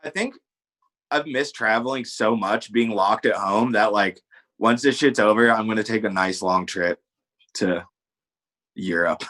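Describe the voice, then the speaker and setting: A man's voice: fairly low pitch, unhurried, fairly bright tone. A man guesting on a stream, chatting casually and joking around in a playful, laid-back way with slang. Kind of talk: casual chat.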